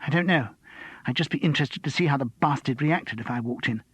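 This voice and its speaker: A man's voice: mid-range voice, a little fast, a bit bright, breathy edge, dry recording. A man voicing a bitter young woman on a film crew, talking in scornful whispers.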